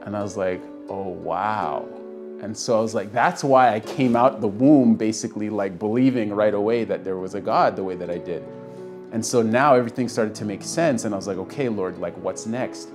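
With music playing underneath, this guest, a young man from Canada, speaks briskly in a lowish voice. He recounts a personal story in a relaxed way, performing the voices of those he quotes.

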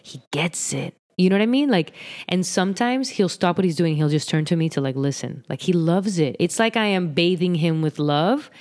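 Podcast host lady, very low voice, earnest and thoughtful, measured pace. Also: lively intonation, darkish tone. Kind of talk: casual podcast conversation.

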